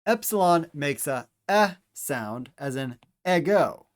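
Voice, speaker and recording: A man teaching Greek pronunciation, speaking deliberately and repeating each letter and example word for the listener. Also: fairly high pitch, expressive. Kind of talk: slow instructional pronunciation lesson.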